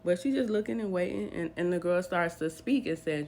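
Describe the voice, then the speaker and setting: A woman's voice: on the low side, brisk, darkish tone. A woman retelling a dramatic true story in a casual storytime way, animatedly acting out the people's lines.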